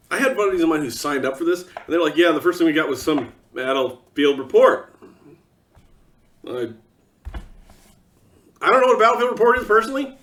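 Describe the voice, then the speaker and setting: A man's voice: high-pitched, distant mic. A man delivering an exasperated, sarcastic ranting monologue as a vlogger.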